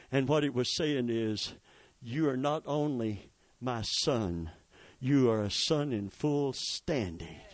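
A man preaching a sermon, swinging from quiet storytelling to loud rising exhortation with asides to the congregation. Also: medium pitch, no echo. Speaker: pastor.

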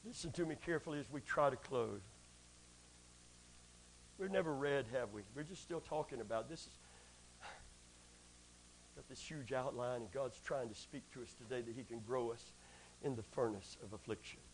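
A man preaching a sermon, swinging between shouted peaks, whoops and hushed passages. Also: medium pitch, normal speed, pauses often, slight background noise.

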